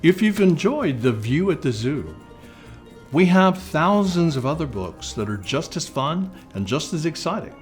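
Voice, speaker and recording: A man's voice: fairly high pitch, big pitch swings, a little slow, faint music behind. A man reading a rhyming picture book aloud to children in a sing-song way. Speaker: library storyteller.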